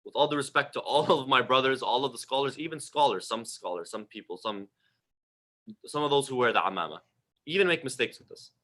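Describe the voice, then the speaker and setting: A man's voice: medium pitch, fairly quick, pushed and bright. A young man giving an informal religious talk, emphatic and conversational, often repeating his phrases. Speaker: religious teacher. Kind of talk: informal sermon on prayer.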